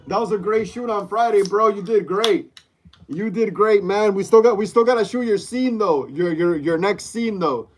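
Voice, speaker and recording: A man hosts a casual livestream from a room at home in the middle of a move, greeting viewers again and again and reading chat aloud. His voice is high and his pace moderate.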